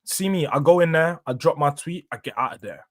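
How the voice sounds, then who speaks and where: A man's voice: a little high, brisk, fairly bright tone. A young man hosting a casual live stream, talking slangy and laughing often as he chats with viewers. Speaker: livestream host.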